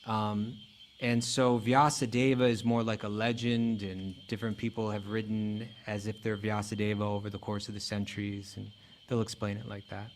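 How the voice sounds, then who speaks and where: A man giving a relaxed, conversational spiritual talk, with frequent fillers and restarts. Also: fairly low pitch, normal speed, a little hiss or hum. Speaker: spiritual teacher. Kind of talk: casual lecture.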